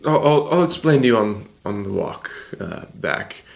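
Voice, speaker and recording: A man's voice: fairly low pitch, very animated, normal speed, creaky. A man playing a tabletop game, talking casually in a rambling, hesitant way with many restarts. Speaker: player. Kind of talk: casual tabletop role-play.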